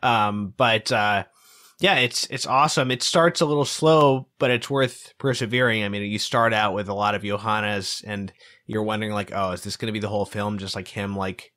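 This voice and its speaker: A man's voice: on the low side, moderate pace, pushed and bright. A man co-hosting a podcast, chatting casually about a film, rambling with lots of "like" and "um". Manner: rambling, loose, many "like" and "um" fillers. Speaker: podcast co-host.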